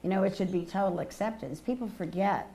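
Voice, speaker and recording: An older woman answering audience questions at a public lecture, measured and thoughtful, often affirming with quiet yeahs. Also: medium pitch. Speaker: guest lecturer.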